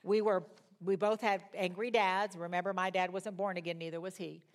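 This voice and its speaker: A woman's voice: mid-range voice, normal speed. Dramatic middle-aged woman teaching Bible study. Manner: dramatic and expressive storyteller.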